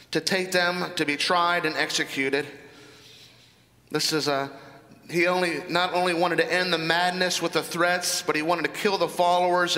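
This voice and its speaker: A man's voice: fairly high pitch, pushed and bright, big-room sound. A man preaching a sermon as pastor, earnest and full of rhetorical questions.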